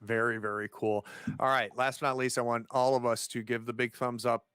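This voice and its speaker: A man's voice: medium pitch, flat delivery, a little fast, fairly bright tone, clean tone, no room sound, studio quality. A man hosting and running the game, wrapping up the show in an upbeat, chatty way. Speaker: game master and host. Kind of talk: casual show outro with plugs.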